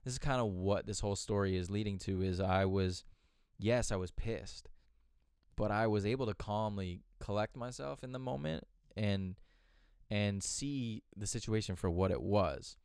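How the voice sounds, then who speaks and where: A man's voice: on the low side, moderate pace, a little mellow, clear, resonant tone, no echo, clean studio sound. A man hosting a podcast, telling a personal story in a candid, casual way, swearing freely and restarting his sentences. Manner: candid, profane, rambling with restarts. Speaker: podcast host.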